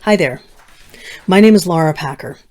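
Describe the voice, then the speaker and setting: A middle-aged woman storyteller telling a personal story, slowing down with dramatic pauses and dropping to soft, hushed asides. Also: on the low side, expressive. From United States. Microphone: video recording.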